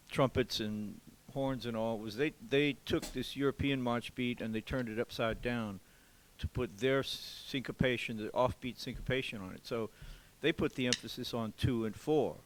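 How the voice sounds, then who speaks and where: A man from Louisiana, a drummer, giving an informal music lesson in a museum café, explaining calmly with pauses and counting beats aloud. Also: mid-range voice, slight background noise, low-quality recording. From Louisiana, USA.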